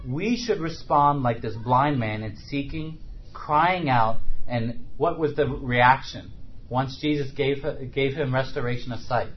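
A man's voice: mid-range voice, muffled recording, a little hiss or hum. A man preaching a sermon in a conversational way, often asking rhetorical questions.

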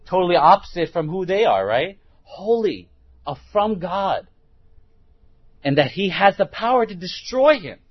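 A man's voice: sits high, sing-song, measured pace, no room sound, lo-fi sound. A man preaching a sermon, putting rhetorical questions to his listeners and restarting words as he thinks aloud.

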